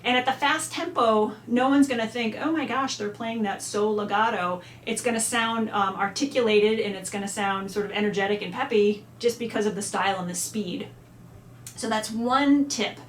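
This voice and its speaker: This woman, a music teacher with a fairly high voice, keeps a moderate pace and fairly even intonation while chatting through an instrument lesson. Occasionally she sings phrases out on syllables; the room echoes, with faint ambience and slight hiss or hum.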